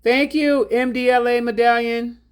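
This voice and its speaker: Woman, livestream host, spiritual healer; relaxed drawl, affectionate, reads chat aloud. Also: a little high, moderate pace, smooth. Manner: drawling, affectionate, calls viewers baby and beloved. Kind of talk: livestream chat, reading out viewer donations.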